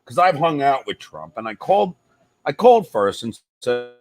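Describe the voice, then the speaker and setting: A man telling a wild story as an interview guest, animated and emphatic, swearing freely. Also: medium pitch, normal speed, no room sound. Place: club stage.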